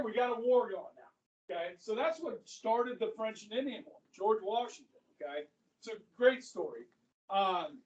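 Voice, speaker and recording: American guy teaching history, chatty storyteller, keeps saying okay, echoey room far from the mic. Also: sits high. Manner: chatty storytelling with frequent "okay?" check-ins. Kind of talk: classroom lecture. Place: classroom.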